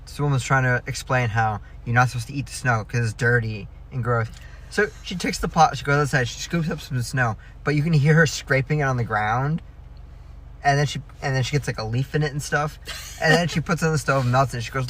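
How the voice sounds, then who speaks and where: Laid-back male podcast guest, middle-pitched, dry anecdotes, in a parked car with faint noise behind. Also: a little fast, a bit bright. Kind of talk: casual chat.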